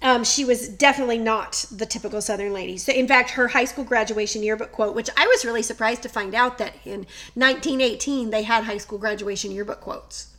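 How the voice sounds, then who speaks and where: Brisk and with few pauses, a middle-aged woman co-hosts a podcast, casually chatting and telling a story amid frequent laughter. Her pitch is fairly high and a bit bright.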